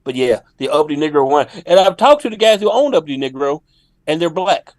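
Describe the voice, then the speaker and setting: A male comedian, a guest on a podcast, telling a story in a lively, laughing way. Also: a little high, quick pace, no echo.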